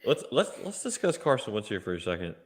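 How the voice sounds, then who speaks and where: A man hosts a casual sports podcast, joking and teasing his co-hosts. His voice sits somewhat low. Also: big pitch swings, fast.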